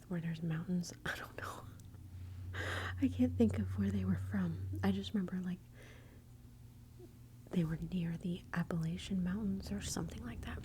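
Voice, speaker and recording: A woman's voice: medium pitch, mellow, slight background noise. A woman from Texas with a Texan accent, whispering close to the mic as she hosts rambling, self-interrupting ASMR commentary. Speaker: ASMR channel host.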